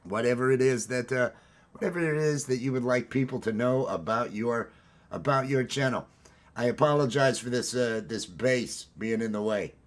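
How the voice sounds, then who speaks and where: A man hosting a casual livestream from home, upbeat and rambling as he greets his viewers. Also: mid-range voice. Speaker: livestream host. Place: at home, green screen.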